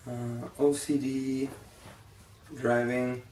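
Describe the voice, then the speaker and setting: A man's voice: mid-range voice, flat delivery, extremely slow, a little mellow, slight background noise. A young man in a casual vlog, talking bluntly and swearing freely, rambling with many fillers and sounding tired, yawning. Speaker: vlogger. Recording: echoey room, distant from the mic.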